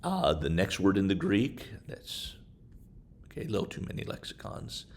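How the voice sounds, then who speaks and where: Man, very deep voice, gravelly fry, casual tutorial, many ums, desktop mic. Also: very animated, slight background noise. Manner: casual, halting, many fillers. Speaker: instructor. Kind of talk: software screen-share tutorial. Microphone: desktop microphone while screen recording.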